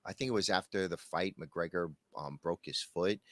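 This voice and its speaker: A man co-hosting a podcast in casual chat, telling stories and acting out quotes in a loud voice. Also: sits low, normal speed, no room sound, studio quality. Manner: animated storyteller, acts out quotes in loud voices. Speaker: podcast co-host.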